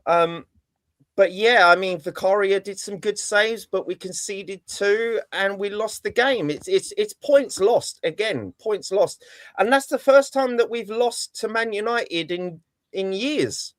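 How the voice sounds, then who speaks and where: A man vents about a match with biting sarcasm and rising irritation. His voice sits high for a man and sounds dry and close, with no room around it. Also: unhurried, no room sound. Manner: sarcastic, ranting. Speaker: podcast panelist. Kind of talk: casual football chat.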